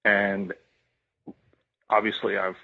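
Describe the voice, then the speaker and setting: A man's voice: fairly low pitch, flat delivery, takes it slowly, creaky. A man telling a raw personal story on a podcast, repeating himself and swearing freely. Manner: emotional, repetitive, swears freely. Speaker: podcast guest. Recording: tinny phone-like line.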